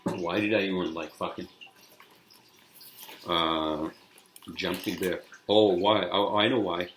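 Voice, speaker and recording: A man's voice: low voice, fairly even intonation, takes it slowly, a bit bright, a little hiss or hum, rough recording. A man hosting a solo podcast, telling a story in a rambling, profane way with many fillers and restarts. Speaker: podcast host. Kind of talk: casual solo podcast monologue.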